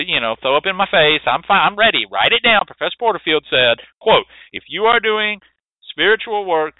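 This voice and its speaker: Texan man, radio host, lively pitch, emphatic, repetitive, swearing, tinny dry phone-like sound. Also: no echo. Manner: emphatic, repetitive, profane, preachy. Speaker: radio show host teaching hoodoo rootwork. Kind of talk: lecturing radio talk.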